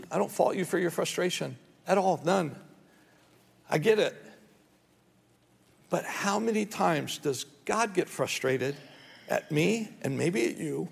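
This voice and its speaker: A man's voice: high voice, expressive, unhurried, vocal fry, pauses often, husky, big-room sound. A man preaching a sermon as pastor, earnest and rising to pleading as he voices prayers. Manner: earnest, rises to pleading when voicing prayers.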